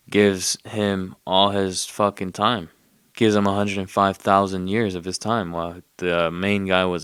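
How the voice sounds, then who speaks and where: Low-voiced man rambling through a story. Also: fairly bright tone, clear, resonant tone, no echo, clean studio sound. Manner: rambling, profane, streetwise slang. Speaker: podcast host. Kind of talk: casual retelling of a movie plot.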